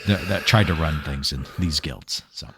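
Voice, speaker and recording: Speaking at a moderate pace in a very deep voice, a man co-hosting a casual gaming podcast drifts into a long tangent. He tells it animatedly, performing exasperated quotes, with slight background noise behind him.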